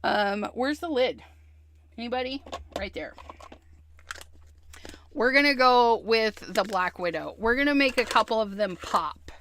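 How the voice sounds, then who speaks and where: Woman, livestream craft host; higher pitch, unhurried delivery, casual running chatter to viewers. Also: animated, a bit bright, a little hiss or hum. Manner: chatty, talks to viewers while stamping, hums and murmurs to herself.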